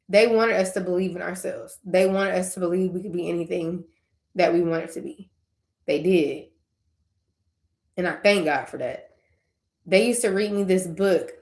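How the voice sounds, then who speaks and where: A woman's voice: on the low side, reverberant. A young woman talking casually and tearfully in a personal faith vlog, wandering off on tangents and laughing between thoughts. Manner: conversational, tangent-prone, laughing through tears. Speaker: faith vlogger.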